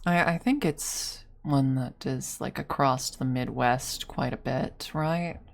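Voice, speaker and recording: Low, slow-talking young woman streamer. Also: vocal fry. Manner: frank, musing, with frequent restarts and tag questions. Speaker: ASMR streamer. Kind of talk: casual opinion monologue.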